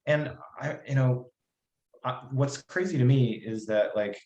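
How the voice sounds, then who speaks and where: A man's voice: medium pitch, unhurried, darkish tone, highs cut off. Rambling American man in a roomy room. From United States. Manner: thoughtful, rambling, many restarts and fillers. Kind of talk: casual podcast chat.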